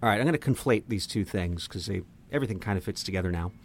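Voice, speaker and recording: Man, podcast co-host, deadpan, lowish voice, playful riffing. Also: fast talker. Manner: deadpan, riffing on made-up bits. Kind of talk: casual comedic chat.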